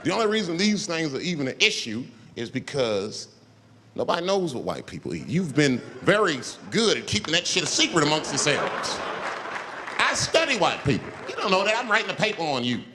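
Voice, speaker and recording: A man doing stand-up comedy on stage, an animated, profane storyteller whose pitch jumps up for emphasis. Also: brisk. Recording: live show, loud crowd and noise.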